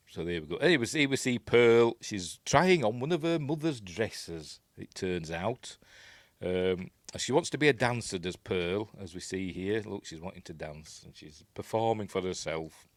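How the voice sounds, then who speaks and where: A man's voice: deep voice, dry recording. A man with a Yorkshire accent giving a casual, rambling film breakdown as a reviewer, with lots of ums and asides. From Yorkshire, England.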